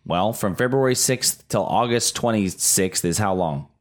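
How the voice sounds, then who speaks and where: A middle-aged market analyst with a lowish voice co-hosts a casual talk show, explaining stock market trends at a moderate pace. He frequently restarts his sentences.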